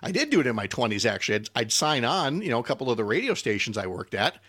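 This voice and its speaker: A man's voice: medium pitch, sing-song, fast, a bit bright, husky, dry recording. An older man, a radio host and interview guest, chatting casually and telling stories with self-deprecating humor.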